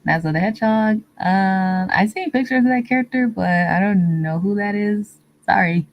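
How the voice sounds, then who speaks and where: A woman hosting a casual livestream, answering viewer comments in a meandering, easygoing way with frequent pauses. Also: lowish voice, dull audio. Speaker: livestream host. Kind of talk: casual live-stream chat, reading viewer comments.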